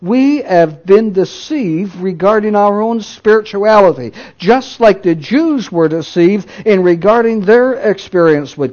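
Slow, high-voiced preacher, emphatic and hushed. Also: male voice, lo-fi sound. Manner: dynamic delivery swinging from loud emphatic declarations to hushed low asides. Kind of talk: sermon.

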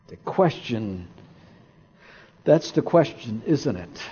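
Male preacher, slow and animated, storytelling sermon delivery, dull lo-fi recording. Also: high voice, breathy edge. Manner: storytelling, emphatic and deliberate.

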